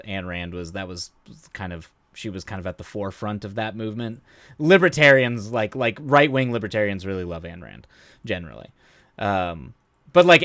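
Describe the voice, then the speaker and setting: This streamer speaks in a lowish, somewhat bright, clean voice with no room sound. He chats casually with his live audience, frequently trailing off, restarting mid-sentence, and laughing at his own tales as he rambles.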